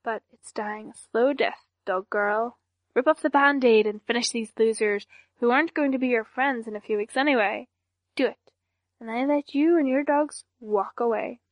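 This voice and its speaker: A young villainess with no emotion in her voice, every threat delivered in a flat deadpan, as a woman reads her in an audiobook. The voice sits fairly high, recorded close and dry. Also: moderate pace, dry recording, natural voice. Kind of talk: audiobook character voice.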